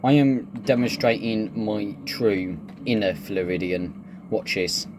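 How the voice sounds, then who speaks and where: A man's voice: fairly low pitch, slow pace, noisy background. A man giving casual, joking gameplay commentary, laid-back and swearing freely. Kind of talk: casual let's-play commentary.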